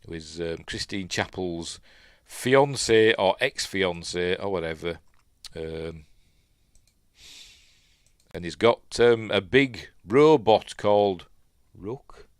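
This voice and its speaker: A man's voice: low-pitched, expressive, slow, long pauses, clear, resonant tone, dry recording, clean studio sound. A man with a Yorkshire accent, casually rambling through live commentary, with lots of fillers and self-corrections. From Yorkshire, England. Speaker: host.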